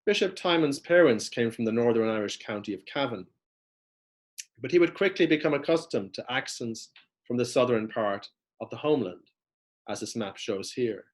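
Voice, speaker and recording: A man's voice: mid-range voice, expressive. A man giving a prepared lecture, reading steadily from notes as he walks through maps. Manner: measured, reads from notes with map references.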